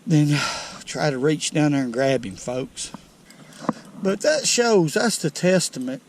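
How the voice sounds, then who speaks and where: Excitable southern guy fishing off a lake bank, kinda high voice, loud outdoor noise. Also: takes it slowly. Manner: folksy, excitable, talks straight to viewers. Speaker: fishing channel host. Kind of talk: outdoor fishing vlog commentary.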